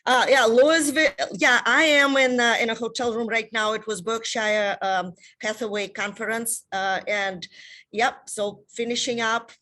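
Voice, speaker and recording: A woman's voice: a little high, fairly even intonation, a little slow, pushed and bright. Russian-accented woman hosting a webinar talk show. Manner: enthusiastic, many fillers. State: losing her voice. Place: hotel room.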